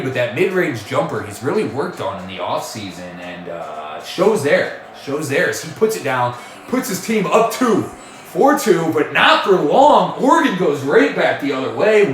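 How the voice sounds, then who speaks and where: A man doing jokey mock sports play-by-play commentary, full of puns and quick self-corrections. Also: fairly high pitch, big pitch swings, a bit bright, echoey room, slight background noise.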